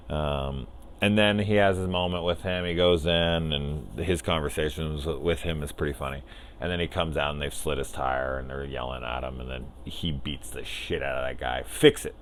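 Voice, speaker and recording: Deep-voiced guy reviewing a movie, rambly and excited, swears a lot. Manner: enthusiastic, rambling, with frequent swearing. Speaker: film reviewer. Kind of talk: casual spoiler discussion.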